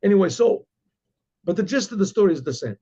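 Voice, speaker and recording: A man, a rabbi, telling a story in a halting way, with restarts and frequent throat clearing. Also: sits high, big pitch swings, mellow, lo-fi sound. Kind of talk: oral storytelling.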